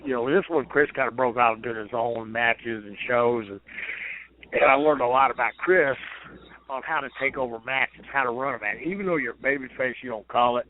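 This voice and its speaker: A man's voice: mid-range voice, fairly quick, a little hiss or hum. A man, a retired pro wrestler, telling rambling, profane stories as a guest on a phone interview. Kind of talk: casual storytelling over the phone. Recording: tinny phone line.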